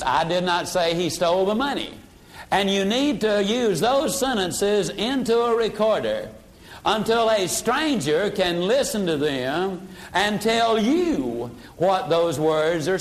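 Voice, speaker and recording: An older man delivers a sales seminar. His voice sits high for a man, and he acts out customers and family members, dropping low and quiet for emphasis. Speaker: sales trainer. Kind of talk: motivational sales seminar talk.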